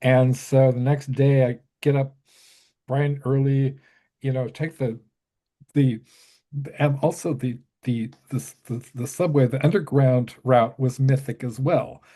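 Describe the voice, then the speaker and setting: A man telling a story as a talk show guest, halting and restarting often, then growing enthusiastic. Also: medium pitch, darkish tone. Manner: halting, full of restarts and fillers. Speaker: guest, musician and horror author. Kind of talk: casual anecdote on a talk show.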